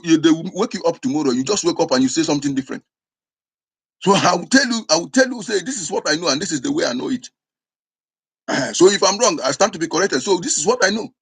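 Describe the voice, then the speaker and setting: A man from Igbo land with an Igbo Nigerian accent, giving a forceful, emphatic monologue full of repetition. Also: a little high, slightly rough. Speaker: speaker. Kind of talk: impassioned monologue.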